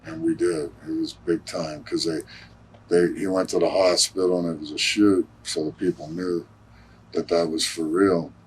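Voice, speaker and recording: A man with a very deep, husky voice tells a ringside story in a casual interview. His delivery is blunt and peppered with swearing, and his voice has a rough, breathy edge throughout. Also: steady tone, normal speed, darkish tone. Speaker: pro wrestler.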